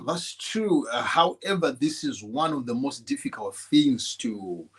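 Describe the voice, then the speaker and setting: A man's voice: mid-range voice, expressive, measured pace, slightly rough. A man co-hosting a podcast, talking things through in an earnest, explanatory way. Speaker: podcast co-host. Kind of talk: conversational discussion.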